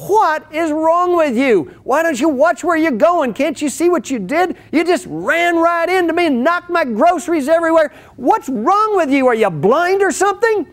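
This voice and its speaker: Man playing an angry woman shopper, voice pushed very high and loud, accusing. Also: lively intonation, moderate pace, hardly any pauses. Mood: furious. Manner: yelling, accusing. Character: furious woman shopper, groceries knocked down.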